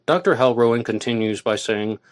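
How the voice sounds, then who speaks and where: A man hosts his own podcast alone, with a voice of ordinary middle pitch for a man. He reads passages aloud and then argues against them point by point, in a steady conversational way. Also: a little fast. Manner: argumentative, reads quotes aloud and rebuts them. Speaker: podcast host. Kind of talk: solo podcast commentary.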